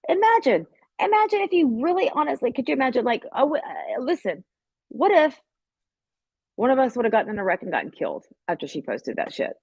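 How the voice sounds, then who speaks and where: A woman's voice: high-pitched, sing-song, a little fast, breathy edge, no echo, muffled recording. A woman hosting a casual livestream, rambling and swearing as she talks straight to her viewers. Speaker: livestream host. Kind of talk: casual live-stream chat.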